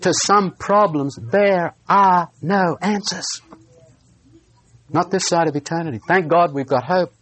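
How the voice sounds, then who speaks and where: A man preaching a sermon, telling a personal story in an earnest way and slowing down on key phrases. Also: high-pitched, a bit bright.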